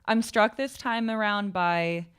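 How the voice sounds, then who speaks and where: A woman's voice: mid-range voice, measured pace, fairly bright tone, smooth. A woman in a poetry seminar, thinking aloud in long, reflective sentences. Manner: thoughtful, reflective, speaks in long clauses. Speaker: seminar participant. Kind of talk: casual seminar discussion.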